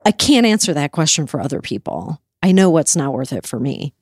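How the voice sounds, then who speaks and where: A woman's voice: deep voice, sing-song, fairly quick, a little mellow, husky, dry recording, studio quality. A woman host answering interview questions in a heated, emphatic, profane way, with bursts of indignation. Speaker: talk show host.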